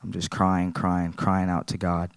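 A man's voice: sits low, completely flat delivery, unhurried, vocal fry, smooth, no echo. A man giving a personal church testimony, earnest and plain-spoken, repeating his phrases.

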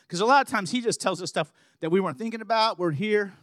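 A man preaching a sermon, telling stories and building to loud, emphatic passages. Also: sits high, quick pace, no echo, studio quality.

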